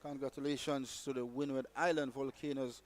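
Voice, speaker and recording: A male co-commentator on a live cricket broadcast, with a mid-pitched voice. He speaks calmly and steadily, summing up the play. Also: fairly quick.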